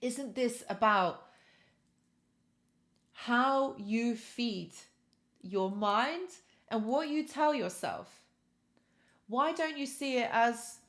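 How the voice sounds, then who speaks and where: A woman with a fairly high voice hosting a live stream. She speaks encouragingly in a motivational style and reads viewer comments aloud as she goes. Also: lively intonation, takes it slowly, pauses often, a bit bright.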